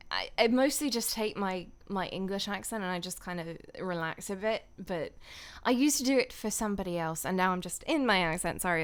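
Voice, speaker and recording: A woman's voice: on the low side, clear, resonant tone. A woman voice actor chatting casually on a stream, rambling and laughing often.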